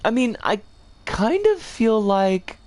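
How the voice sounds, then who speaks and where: A game streamer rambles through a relaxed live session, pitch swooping up and down, talking to chat as they build. The pace stays unhurried, with frequent restarts and corrections mid-sentence. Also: dry recording. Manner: rambling, chats with viewers and reads chat aloud; self-correcting, trips over words.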